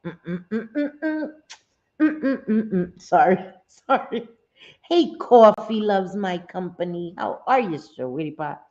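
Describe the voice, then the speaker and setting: A woman hosts a casual livestream, speaking straight to her viewers, repeating phrases and saying "um" a lot. Her voice is on the low side, animated and darkish, a little slow, and the audio is dull.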